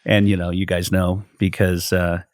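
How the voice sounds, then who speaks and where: A middle-aged man from California with a low-pitched voice, talking as a pastor in a relaxed podcast chat. He explains scripture earnestly and often stops and restarts his sentences as he thinks aloud. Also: moderate pace. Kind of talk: casual faith podcast conversation.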